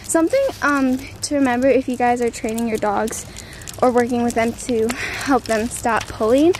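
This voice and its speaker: A teenage girl talks to her camera on a walk, casual and full of ums, a little out of breath. Her voice sits high. Steady outdoor noise runs behind her. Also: normal speed. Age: teens. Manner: chatty, many ums, baby-talk to her dog. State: out of breath after a run. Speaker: vlogger. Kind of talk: casual vlog chat.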